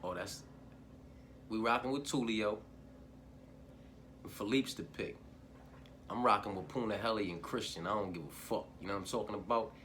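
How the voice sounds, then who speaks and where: A man's voice: lowish voice, normal speed, pauses often, fairly bright tone, slight background noise. A man hosting a fight-betting picks channel, talking in a profane, rambling, fired-up way with lots of slang fillers. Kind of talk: casual solo picks monologue.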